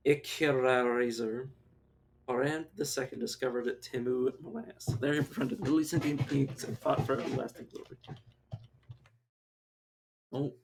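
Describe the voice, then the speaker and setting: A man's voice: medium pitch, fairly even intonation, normal speed, long pauses, slight background noise. A young man streaming a video game live, chatting to viewers and dissolving into helpless laughter. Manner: giggly, breaks into helpless laughter.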